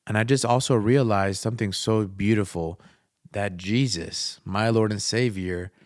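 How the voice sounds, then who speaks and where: A man's voice: fairly low pitch, measured pace, dry recording, studio quality. A young man, a guest on an interview podcast, telling a personal story in an earnest, emotional, conversational way. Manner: earnest, emotional, faith-filled, speaks of a father's love.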